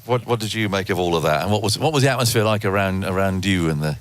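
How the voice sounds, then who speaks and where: A man's voice: sits low, fast talker, slight background noise. A man hosting a casual cricket panel, who keeps things moving with jokey, prompting questions. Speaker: podcast host.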